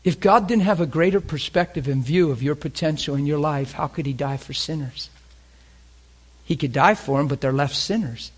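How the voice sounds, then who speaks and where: Preacher guy in a sermon, kinda high voice, gets emotional, goes loud then almost whispers. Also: moderate pace, slightly rough. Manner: emphatic and questioning, swings from loud to hushed; fervent, openly emotional.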